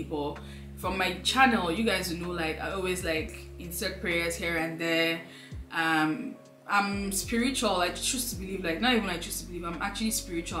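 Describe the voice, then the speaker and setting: A young woman with a fairly low voice talks through a heartfelt sit-down update, wandering through her thoughts with lots of fillers. She sounds close to tears and emotional. Her voice rings in a roomy, echoey space with faint music underneath. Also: fairly bright tone. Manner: rambling, filler-heavy, heartfelt. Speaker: lifestyle vlogger.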